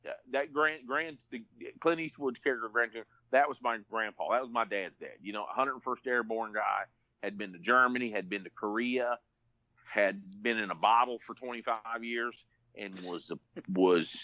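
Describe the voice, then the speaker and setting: A man's voice: lowish voice, moderate pace, pushed and bright, no room sound, dull audio. A man telling a rambling, folksy story on a podcast, full of restarts. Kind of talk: casual storytelling.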